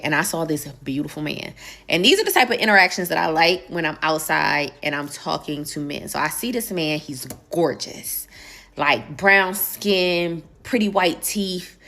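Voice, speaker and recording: A woman telling a dating story in an animated, emphatic way. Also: fairly low pitch, vocal fry. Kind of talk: storytime video.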